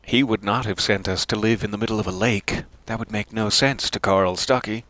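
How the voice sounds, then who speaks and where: A man's voice: on the low side, fairly even intonation, brisk, a bit bright, dry recording. A male streamer doing let's-play commentary with puns and dry, sarcastic asides.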